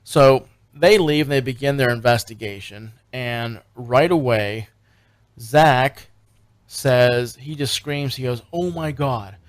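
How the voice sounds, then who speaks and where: A man's voice: mid-range voice, takes it slowly, no room sound. Man telling a rambling story. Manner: rambling storyteller, many fillers and restarts. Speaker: radio show co-host. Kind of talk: casual radio chat recapping a TV show.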